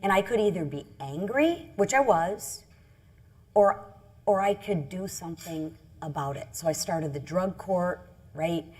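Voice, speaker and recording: Husky, low-voiced woman, earnest and halting. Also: expressive, darkish tone. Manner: earnest, halting, many restarts. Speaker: congresswoman on a panel. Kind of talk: personal story at a panel discussion. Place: event stage.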